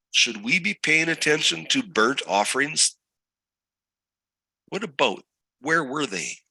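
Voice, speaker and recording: Slow, sharp-voiced male Bible teacher. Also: mid-range voice, breathy edge, no echo, rough recording. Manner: asks the listener many rhetorical questions. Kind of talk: scripture study lesson.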